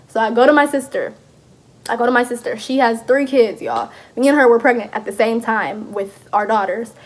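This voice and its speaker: A young woman, chatting through a storytime vlog in a lively, animated way. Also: fairly high pitch. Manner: chatty, animated retelling with laughs. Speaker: vlogger.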